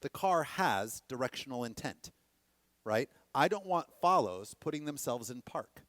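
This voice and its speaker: A man teaching a dance workshop to a class, animated and often checking that the students are following. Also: medium pitch, a little slow, no room sound. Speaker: dance instructor.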